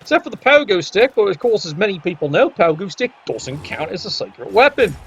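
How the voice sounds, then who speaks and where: A man's voice: sits high, very animated, a little fast, fairly bright tone, slightly rough. A man doing wry, sarcastic play-by-play commentary on a tabletop sports video game. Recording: dull lo-fi audio.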